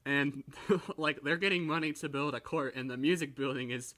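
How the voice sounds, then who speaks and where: A young man on a podcast, casually chatting in a halting way with frequent restarts. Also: fairly high pitch, fairly bright tone. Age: young adult. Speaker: podcast co-host, college student. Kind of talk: casual chat.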